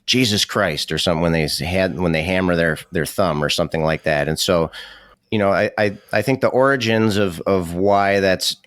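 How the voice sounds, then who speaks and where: A man's voice: low voice, brisk, no room sound. A man co-hosting a podcast who asks probing questions in a careful, considerate way. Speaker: podcast co-host. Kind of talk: casual podcast discussion.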